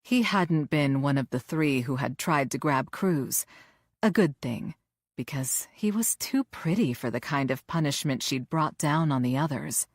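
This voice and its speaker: Woman, audiobook narration, measured and even, low voice, dry close sound. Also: no echo.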